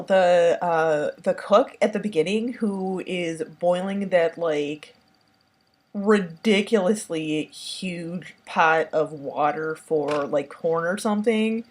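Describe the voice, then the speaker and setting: Here a woman with a fairly low, slightly mellow voice speaks slowly while chatting about a horror movie she's reviewing. Her talk is rambling and gushing, packed with "like" and "um."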